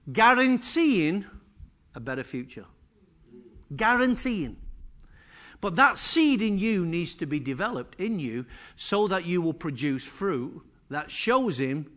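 A man's voice: high-pitched, a bit bright. A man preaching a sermon to a church congregation, emphatic and full of rhetorical questions. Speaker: pastor. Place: church service.

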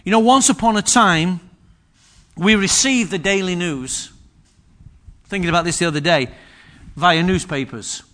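A man's voice: high voice, a little slow, pauses often, a bit bright. A man preaching a sermon, repeating phrases for emphasis and restarting his sentences often.

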